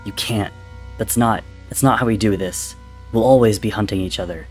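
A man's voice: lowish voice, normal speed, soft background music, close to an everyday voice. A man voicing a cornered male trickster god in a dramatic story reading, defiant but rattled and pleading. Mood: desperate.

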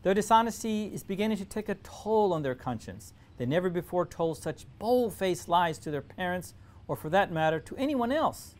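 A man reading a children's storybook aloud, animated, with dramatic pauses. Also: sits high.

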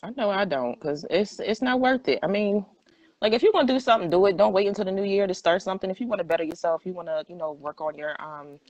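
A woman's voice: medium pitch, quick pace, darkish tone, dry recording. A woman, chatting and laughing as co-host of a live podcast. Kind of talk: casual chat on a live stream.

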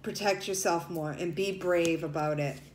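A woman's voice: fairly low pitch, fairly even intonation, moderate pace. A woman talks her way through a tarot reading in a loose, chatty, emotional manner, with tears in her voice at times. Her voice carries an echo from the room. A faint hiss sits under it. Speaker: tarot reader. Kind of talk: casual tarot reading to viewers.

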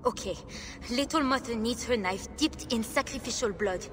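An actress playing a timid, troubled young temple assistant in a video game, speaking hesitantly. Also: female voice, on the high side, normal speed, in a large hall, noisy background, close to an everyday voice. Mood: uneasy. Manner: hesitant, worried.

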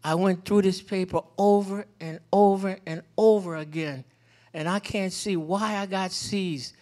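A man's voice: high-pitched, slow, fairly bright tone. A man voicing his young preschool daughter as a dramatic little girl while telling a story. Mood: distraught. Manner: earnest, theatrical despair.

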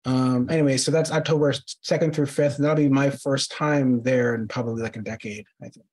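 A man with a husky voice co-hosting a casual tech podcast. He talks in a loose, halting way and often repeats words. His voice sits in a middle range. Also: mid-range voice, fairly even intonation, darkish tone. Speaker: podcast co-host.

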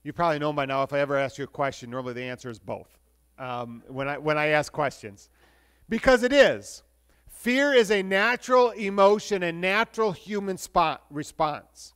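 Pastor, male, high-pitched, conversational sermon delivery with restarts and hushed stretches. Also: normal speed, clean tone. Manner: conversational preaching with restarts, shifting between lively and hushed.

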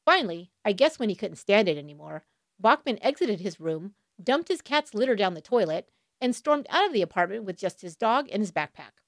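A woman's voice: mid-range voice, very animated, brisk, no echo, clean studio sound. A woman hosting a true crime podcast, reading a scripted account with wry asides thrown in. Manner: wry asides between dramatic retelling.

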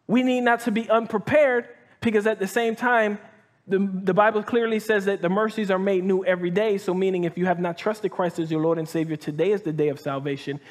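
A man preaching to a live audience as pastor, talking conversationally with many restarts and asides, reading scripture aloud and commenting between the verses. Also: sits high. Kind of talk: sermon. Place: church hall with live audience.

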